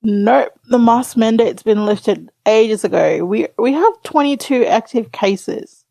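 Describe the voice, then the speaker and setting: A woman's voice: a little high, slow, vocal fry, warm tone, no echo. A woman co-hosting a podcast, chatting casually with short, laid-back replies. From Australia. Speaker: podcast co-host. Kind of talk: casual chat.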